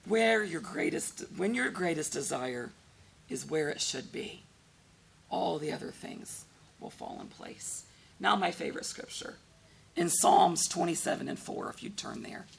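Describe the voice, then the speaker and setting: A woman preaching with a heavily gravelly, creaky voice. She talks to her congregation conversationally and keeps asking them questions as she goes. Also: on the low side, expressive, measured pace. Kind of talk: sermon.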